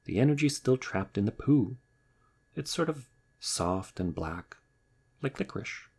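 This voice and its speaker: A man's voice: medium pitch, expressive, a little slow, a little mellow, husky, voice pushed up. A man voicing a grumpy, indignant male rabbit in a storybook reading. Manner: sulky, exclaiming, indignant. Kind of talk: storybook character voice.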